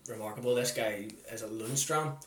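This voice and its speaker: A man's voice: mid-range voice, a little fast, roomy sound, crowd noise. A man on a football podcast panel, talking enthusiastically about the game. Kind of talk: casual football podcast chat.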